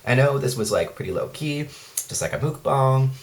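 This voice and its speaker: A man's voice: mid-range voice, animated, a little fast. A young man chatting casually while eating on camera, rambling and self-mocking, full of fillers and acted-out quotes. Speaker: vlogger. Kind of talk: casual mukbang chat. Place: his room at night.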